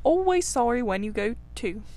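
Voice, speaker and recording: A woman's voice: a little high, very animated, darkish tone. A woman reading as a cheerful riverbank rat. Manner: cheerful, brisk, enthusiastic. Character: good-natured cheerful male water rat.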